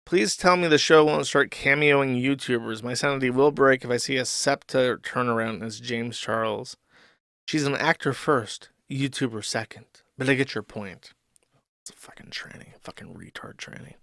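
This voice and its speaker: Hosting a livestream, a man reads chat and forum comments aloud and reacts to them in a crude, mocking way. His voice is mid-range, fairly bright, clear and resonant, delivered at a moderate pace in a dry, studio-quality recording.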